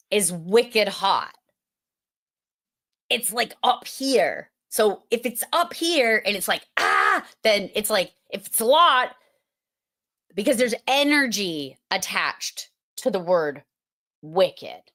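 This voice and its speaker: Slow-talking woman from Massachusetts. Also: medium pitch, a bit bright. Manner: storytelling, playful and chatty, with filler words. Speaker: host. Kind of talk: casual presentation.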